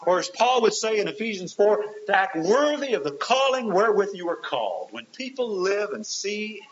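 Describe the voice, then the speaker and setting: A man's voice: high voice, big pitch swings, moderate pace. A man preaching a sermon, earnest, with rising and falling emphasis and rhetorical questions to his listeners. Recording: dull hissy lo-fi recording.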